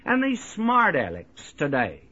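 Guy preaching a bible lesson, folksy and emphatic, pitch jumping all over, bright but a bit husky, dull old-sounding recording. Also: wildly swooping pitch, measured pace. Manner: emphatic, folksy, often asks "you see". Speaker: Bible teacher. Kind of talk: sermon-style Bible teaching.

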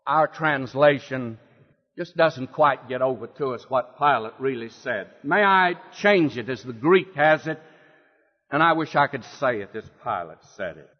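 In a dull, lo-fi hall recording, a man delivers an expository sermon in a mid-range voice with lively intonation, speaking a little slowly. He dramatically acts out quoted lines and poses rhetorical questions to his listeners.

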